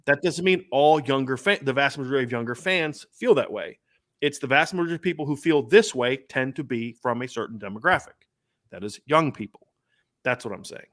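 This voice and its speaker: A man's voice: mid-range voice, lively intonation, a little fast, a bit bright. Emphatic man hosting sports talk. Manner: emphatic, rambling, many restarts. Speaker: podcast host.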